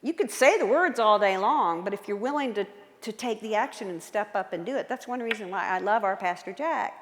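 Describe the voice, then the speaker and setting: Animated woman speaker in a reverberant hall. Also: medium pitch, brisk. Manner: enthusiastic, quizzes the audience with questions. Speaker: guest speaker and author. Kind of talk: lively history talk to a live audience. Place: large church hall.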